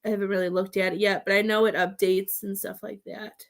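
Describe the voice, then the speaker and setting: A woman giving a live psychic reading, rambling with halting restarts and calling her sitters "love.". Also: medium pitch, level tone, vocal fry. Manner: affectionate terms for sitters. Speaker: psychic medium.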